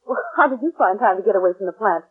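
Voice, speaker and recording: A sharp-questioning wife presses her husband with rising alarm. Her voice sounds thin and tinny, as if coming from an old radio broadcast. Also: mid-range voice, animated, quick pace, slightly rough. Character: suspicious worried wife. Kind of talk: 1940s radio acting.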